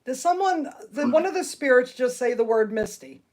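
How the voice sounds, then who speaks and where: A woman hosting a live stream, talking out loud to spirits and greeting her viewers. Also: high-pitched, moderate pace, a little hiss or hum. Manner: excitable, talks out loud to spirits. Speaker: livestream ghost hunter.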